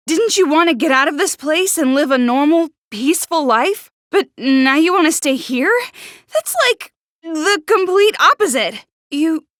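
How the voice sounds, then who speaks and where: A woman voicing a prickly, sharp-tongued teenage girl in a video game, who stutters when flustered. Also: sits high, dry recording, clean studio sound, full character voice. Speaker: game character.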